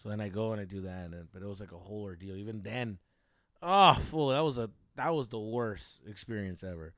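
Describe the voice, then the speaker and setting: A young man co-hosting a podcast, telling stories in a casual, profane, animated way with lots of fillers. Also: fairly low pitch, brisk, no echo, studio quality. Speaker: podcast co-host. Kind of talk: casual storytelling chat.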